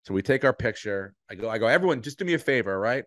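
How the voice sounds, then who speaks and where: A man's voice: mid-range voice, fast, dry recording. Man telling a story, dry close sound. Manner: animated, swears freely, acts out voices in anecdotes. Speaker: podcast co-host. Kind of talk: casual storytelling chat.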